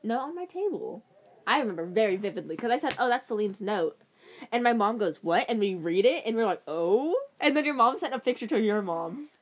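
A woman's voice: on the high side, sing-song, quick pace. A teenage girl co-hosting a casual podcast with friends, giggly and teasing, often talking over the others. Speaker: podcast co-host. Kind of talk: casual chat among friends. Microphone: phone recording. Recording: loud background noise.

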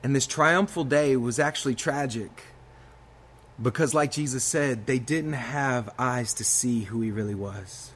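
A man's voice: mid-range voice, unhurried, a little hiss or hum. A young man preaching a sermon as a pastor, casual and slangy in his asides and building to fervent exhortation.

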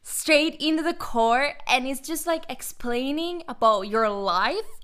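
A woman's voice: high-pitched, unhurried, clean tone. Candid woman podcast host. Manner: candid, animated storytelling, swears casually. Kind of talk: casual podcast chat.

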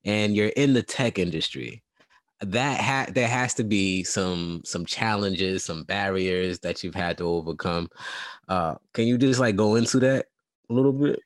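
Male host, relaxed questions, casual interview, lowish voice, dry sound. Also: a little slow, no echo.

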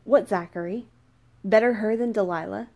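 A woman's voice: mid-range voice, moderate pace, creaky, darkish tone, natural voice. A woman voicing a stern but forgiving king who speaks sharply and with command. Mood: angry.

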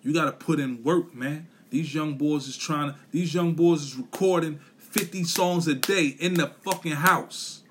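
A man's voice: a little high, a little slow, few pauses, fairly bright tone, slight background noise. A man on a podcast giving a blunt, profane, repetitive motivational rant, full of slang. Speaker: podcast host.

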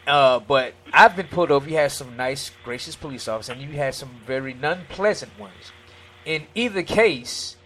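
A man talking earnestly in a faith-based discussion, his voice a little higher than most and bright, with a forceful edge. He quotes scripture and acts out little scenes of dialogue as he makes his case. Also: slightly rough.

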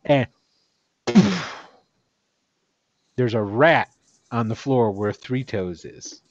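A man's voice: on the high side, sing-song, takes it slowly, long pauses, no echo, highs cut off. A man running a tabletop game as game master, narrating in a loose, casual way.

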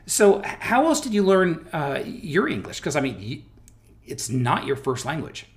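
Animated American man hosting. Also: a little high, normal speed. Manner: animated, stressed words, frequent restarts. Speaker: business owner and host. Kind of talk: conversational interview.

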